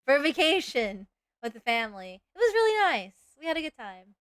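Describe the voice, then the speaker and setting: Southern woman, Texan accent, streaming while drawing, rambles and laughs, keeps asking chat questions. Her voice sits a bit high and sounds smooth and resonant, recorded up close and dry. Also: sing-song, brisk, a bit bright, dry recording. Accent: Southern US (Texas). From East Texas.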